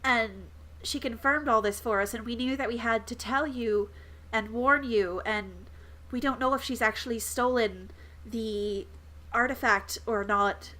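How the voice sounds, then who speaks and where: Hesitant, apologetic adventurer, played by a woman in her own high-ish voice; slow and stumbling. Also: pushed and bright, rough recording. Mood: earnest.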